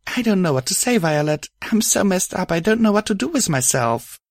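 Man doing a nervous young pony hero, stammering, guilt-ridden, pitched up, dry close sound. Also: big pitch swings, dry recording. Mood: guilty. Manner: halting, stammering.

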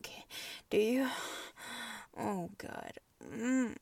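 A woman in an intimate whispered role-play, breathy and drifting between hushed whispers and soft moans. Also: on the high side, very animated, very slow, no room sound, distant mic. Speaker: audio role-play performer.

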